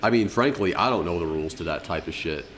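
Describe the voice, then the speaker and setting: A man's voice: low-pitched, fast talker, a bit bright. A young man, a podcast co-host, telling a story in loose, profane casual chat and laughing often. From Colorado.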